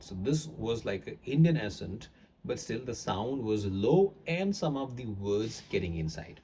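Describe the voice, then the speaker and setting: A man teaching accents to camera, explaining in a rambling way with frequent pauses. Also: on the low side, expressive, warm tone, a little hiss or hum.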